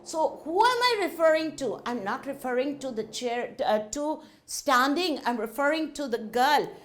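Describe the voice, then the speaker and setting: A woman with an Indian English accent teaching a grammar lesson to children in a slow, sing-song teacherly way. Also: high-pitched, lively intonation, a bit bright.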